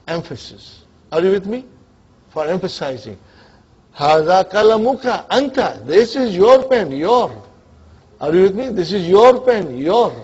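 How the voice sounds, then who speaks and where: A man's voice: on the high side, a little mellow, husky. A man teaching an Arabic grammar class, quizzing students and checking they follow. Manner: mixes English with Arabic grammar terms. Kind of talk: classroom lecture. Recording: dull lo-fi classroom recording.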